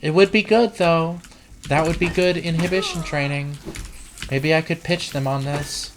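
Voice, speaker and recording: Over keyboard clicks and room noise, a woman hosts a let's play, giving live commentary on her gameplay into a desk computer mic. Her low voice holds fairly even intonation at normal speed while she practices a trained feminine voice, rambling, swearing and mocking herself.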